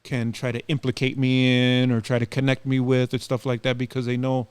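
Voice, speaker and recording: A man's voice: mid-range voice, brisk, clean tone, no room sound. A middle-aged man, a community activist, telling stories as a podcast guest in loose casual talk, acting out dialogue between fillers. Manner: animated, acts out quoted dialogue, loose with fillers. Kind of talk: casual storytelling.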